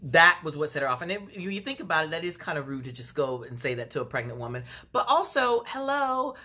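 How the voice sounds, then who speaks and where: Bright-voiced chatty gossiping woman. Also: low-pitched, quick pace. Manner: chatty, gossipy, animated retelling; acts out quotes in exaggerated voices. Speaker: reality TV recapper. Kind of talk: casual review vlog.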